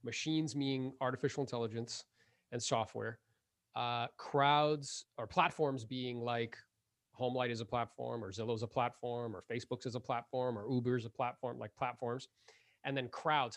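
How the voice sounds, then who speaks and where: Animated podcast host man, dry close sound. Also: medium pitch, normal speed, no echo. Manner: animated, laughs often, filler-heavy. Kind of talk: casual interview chat.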